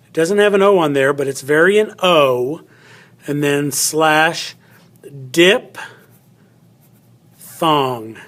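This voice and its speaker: A middle-aged male teacher giving a chatty phonics lesson, thinking aloud as he cuts paper and writes. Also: fairly high pitch. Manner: chatty, thinks aloud while cutting and writing.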